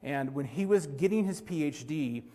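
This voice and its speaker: A man's voice: on the high side, lively intonation, normal speed, warm tone. A middle-aged man from Utah giving an earnest, story-filled speech as president of an organization at a live conference. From Utah, USA. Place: large convention hall. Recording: long hall reverb.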